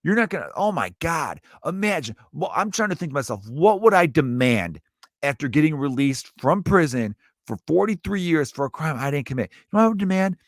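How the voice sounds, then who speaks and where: A man's voice: fairly quick, no room sound, clean studio sound. Profane ranting comedian man. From Chicago, USA. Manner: animated, profane, swings from loud to low. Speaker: stand-up comedian and podcaster. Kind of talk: comedic rant.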